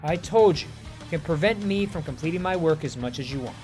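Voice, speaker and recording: A man's voice: a little high, animated, brisk, a little mellow, soft background music, close to an everyday voice. A man voicing a cold, haughty silver alien herald who speaks in grave, formal lines. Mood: scornful.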